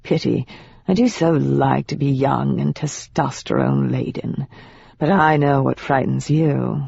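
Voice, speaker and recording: A reader doing a suave, old-world demon with a clipped British accent, drawling each word slowly in a hushed, lowered voice. It sounds purring and sly, recorded dry and a little dull. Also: lively intonation, gravelly, breathy edge, dry recording, exaggerated voice. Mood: menacing, sly. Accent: British (put on).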